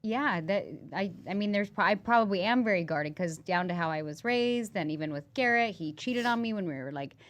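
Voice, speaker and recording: A woman's voice: medium pitch, lively intonation, brisk, few pauses. A woman in her thirties, a business owner, talking reflectively and casually on a podcast, with some swearing. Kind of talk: candid podcast conversation.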